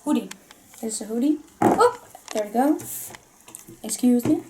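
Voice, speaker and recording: A woman's voice: a little high, lively intonation, moderate pace, noisy background. A woman hosting a vlog, chatting casually and giggling often while unboxing collectible toys. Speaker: vlog host.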